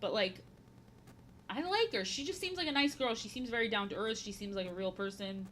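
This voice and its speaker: Woman, 30s, streamer; bright, forward tone, rambling and repetitive, goofy casual chat. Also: medium pitch, expressive, brisk, a little hiss or hum. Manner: rambling, repeats her own phrases; playful, slips into silly voices. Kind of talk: casual chat while painting.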